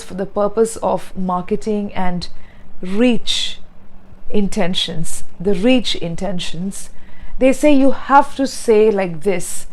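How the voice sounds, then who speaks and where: Woman, pronunciation trainer, earnest, explanatory, medium pitch. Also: a little mellow, rough recording. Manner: earnest and explanatory, spelling out word sounds slowly. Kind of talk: spoken teaching monologue.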